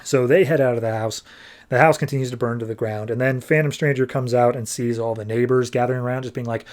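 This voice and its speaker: A man's voice: medium pitch, steady tone, darkish tone. Casual man recapping a comic. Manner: casual, quick paraphrasing of characters with loose voices. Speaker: comic book podcast host.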